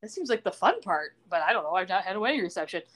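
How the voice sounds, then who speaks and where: Her voice sits fairly low and comes out rapid-fire. She's a podcast host breezily recapping a TV episode, animatedly storytelling and voicing the characters' lines herself.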